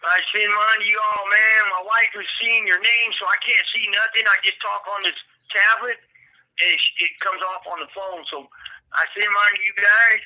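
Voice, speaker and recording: A man's voice: high-pitched, steady tone, moderate pace, bright, forceful tone. A man calling in from a prison tablet, talking casually and emphatically with profanity and repetition, heard over a phone line. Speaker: incarcerated co-host calling in. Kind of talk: casual livestream chat. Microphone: prison tablet over a phone call.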